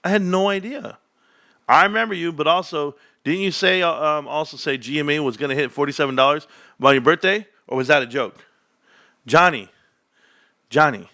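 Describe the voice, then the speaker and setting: Excitable man ranting about stocks. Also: on the high side, brisk, no room sound, clean studio sound. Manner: animated, excitable, boastful, rambling. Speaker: host. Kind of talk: casual livestream stock commentary.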